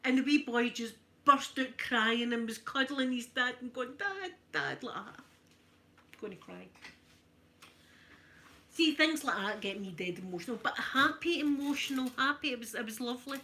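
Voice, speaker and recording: A Scottish woman chatting casually to her live viewers while ironing, in a soft, emotional, friendly way. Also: sits high, a little fast, hardly any pauses, slight background noise. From Scotland. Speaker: ASMR streamer.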